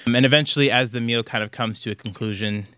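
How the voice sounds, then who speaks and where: A man's voice: medium pitch, fairly even intonation, fast, a bit bright, smooth, no room sound. A man narrating a tabletop role-playing game as game master, describing the scene conversationally and loosely. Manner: descriptive, conversational, with frequent "like" and "kind of".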